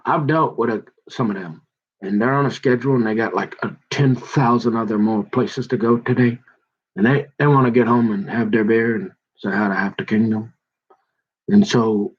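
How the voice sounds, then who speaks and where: A man's voice: mid-range voice, breathy edge, lo-fi sound. A middle-aged man in a casual, rambling monologue, talking in a folksy way and often repeating words and restarting.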